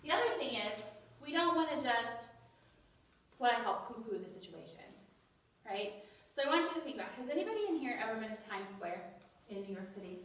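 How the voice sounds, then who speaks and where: A woman's voice: fairly high pitch, sing-song, brisk, a bit bright. A woman leading a dementia care staff training, talking conversationally and asking the room questions. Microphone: distant mic. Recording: very echoey room, distant mic.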